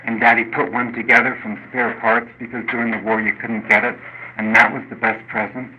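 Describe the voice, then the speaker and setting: An older man speaking at a recovery meeting, telling a personal story in an earnest, halting way with many restarts. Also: mid-range voice, flat delivery. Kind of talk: personal testimony. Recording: dull lo-fi recording with faint noise.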